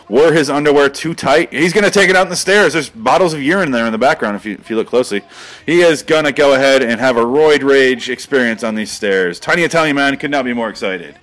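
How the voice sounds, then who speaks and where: A man at a middle pitch doing comedic play-by-play over a video. His delivery is deadpan and rambling, and it often breaks into excited outbursts. He sounds like a parody of a sports commentator.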